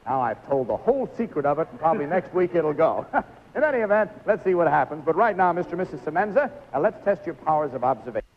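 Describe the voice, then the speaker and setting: A man's voice: fairly high pitch, big pitch swings, fast talker, dull audio, a little hiss or hum. A man hosting a live 1950s television game show, coaxing contestants through stunts with a jovial, laughing manner.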